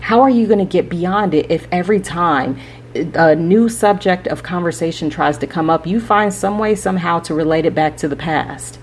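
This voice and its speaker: A woman's voice: on the low side, normal speed, slight background noise. A woman hosting a spiritual podcast, giving rambling, preachy advice straight to her listeners and often checking in with "right?". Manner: rambling, preachy, direct address with frequent "right?". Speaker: podcast host.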